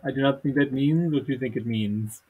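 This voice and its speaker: A man's voice: medium pitch, moderate pace, phone-quality sound, a little hiss or hum. A man co-hosting a podcast, reading a comic text aloud and dropping dry, wry asides. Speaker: podcast co-host.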